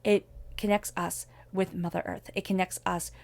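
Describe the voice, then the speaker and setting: Woman doing a tarot reading, lowish voice with a lot of fry, earnest and thoughtful. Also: little pitch movement, moderate pace. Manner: earnest, reflective spiritual guidance. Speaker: tarot reader.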